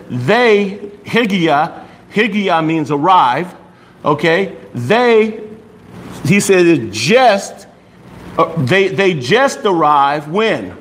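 A man's voice: a little high, a little hiss or hum, rough recording. A man teaching a language class in a patient, explaining way, often stopping to check that students follow. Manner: patient, checks understanding with frequent "okay?". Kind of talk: classroom lesson.

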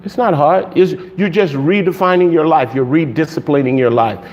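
Animated preaching man, high voice. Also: normal speed, dull audio, a little hiss or hum. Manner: animated preaching with laughter and shouted emphasis. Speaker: pastor. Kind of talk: sermon.

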